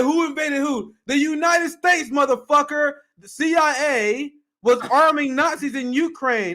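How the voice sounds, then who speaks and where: A man's voice: very high voice, sharp tone. A man co-hosting a video reaction show, ranting heatedly with profanity. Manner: heated, profane, fast-talking rants. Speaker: commentary co-host.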